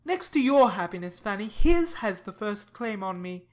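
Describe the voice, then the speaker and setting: A woman reading an audiobook, giving the lines of an earnest, sober young gentleman in a measured, persuasive way. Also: medium pitch, sing-song, close to an everyday voice. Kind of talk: audiobook reading of a classic novel.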